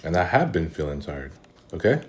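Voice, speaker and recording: A man's voice: low-pitched, big pitch swings, normal speed, a little hiss or hum. A man talking casually in a vlog, weary and rambling, with many fillers and restarts, and eating between sentences. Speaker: vlogger.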